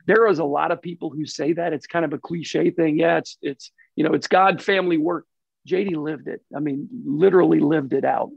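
A man's voice: fairly high pitch, gravelly, darkish tone, breathy edge, dry recording. A man talking earnestly and reflectively as a guest in a casual interview, often repeating himself as he thinks. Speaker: racing team president, guest. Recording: dull lo-fi recording.

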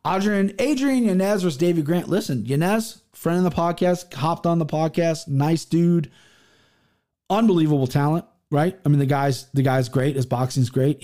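Man, 30s, podcast host, casual fight talk, rambling and profane, somewhat high, mellow tone. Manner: rambling, profane, repeats himself with restarts. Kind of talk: casual fight-preview monologue.

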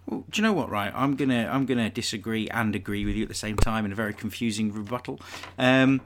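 A man hosts a casual podcast chat, joking around and laughing often. His voice sits a little low. He keeps the talk relaxed and playful. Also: quick pace, noisy background. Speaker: podcast host.

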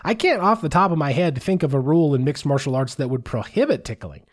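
A man's voice: on the high side, lively intonation, fast talker. Male podcast host, dry and wry, casual banter and mail reading. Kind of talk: casual chat.

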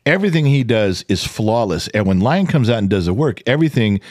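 Man, 40s, low voice, lively delivery, blunt, profane, podcast co-host, dry sound. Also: fairly quick, dry recording. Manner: blunt, profane, animated storytelling. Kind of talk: casual chat.

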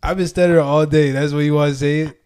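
A man's voice: fairly high pitch, fairly even intonation, fast, a little mellow, clear, resonant tone. A young man co-hosting a podcast, chatting casually with lots of slang and laughter. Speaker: podcast co-host.

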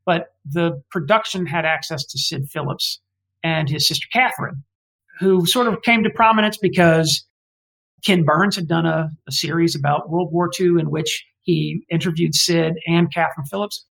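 Man from Alabama, interview guest, fry-edged voice, digressive, frank opinions, self-corrections. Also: a little high, normal speed, a bit bright, poor audio. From Alabama, US South. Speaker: guest historian. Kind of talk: conversational interview.

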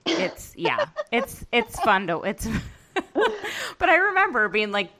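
A young woman co-hosting a podcast, telling stories in a lively, laughing way. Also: medium pitch, unhurried. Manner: lively storyteller, laughs often. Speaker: podcast co-host. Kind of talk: casual chat.

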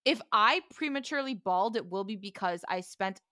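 A woman's voice: mid-range voice, expressive, moderate pace, bright, forceful tone, no room sound, studio quality. A young woman co-hosting a casual podcast, complaining with dramatic exasperation. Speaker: podcast co-host. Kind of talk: casual recap chat.

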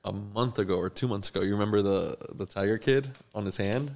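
A man's voice: fairly low pitch, fast, vocal fry. A young man, a tattoo artist, telling a story in a casual podcast chat and acting out the people in it. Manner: animated, acts out the people in his story.

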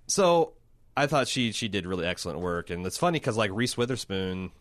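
A man's voice: fairly low pitch, big pitch swings, a little fast, no room sound. A man co-hosting a podcast, talking casually with lots of restarts and swearing. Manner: rambling, profane, many restarts. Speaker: podcast co-host. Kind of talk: casual chat.

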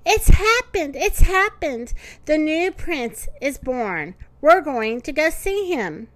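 Thumper, a woman doing a squeaky excited bunny. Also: slow, dry recording, exaggerated voice. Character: excited young male rabbit, cheerful and bouncy.

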